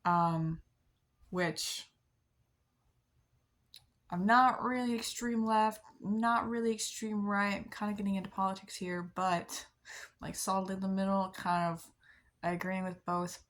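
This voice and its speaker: A young woman chatting casually to her camera, rambling with many fillers and soft laughs at herself. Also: medium pitch, steady tone, measured pace, pauses often. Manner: rambling, many likes and ums, soft self-deprecating laughs. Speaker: vlogger. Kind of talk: casual confessional chat to camera.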